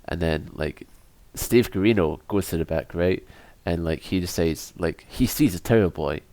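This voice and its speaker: A man's voice: low-pitched, moderate pace, darkish tone, no echo. A man co-hosting a podcast, chatting casually in a sardonic, profane way and laughing often. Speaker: podcast co-host.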